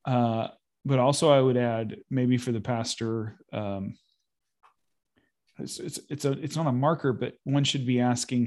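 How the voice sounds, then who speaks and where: Mid-pitched male co-host, conversational and reflective, working his ideas out aloud. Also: steady tone, measured pace, a little mellow. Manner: thinks aloud, repeats words, laughs. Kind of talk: casual conversation about ministry.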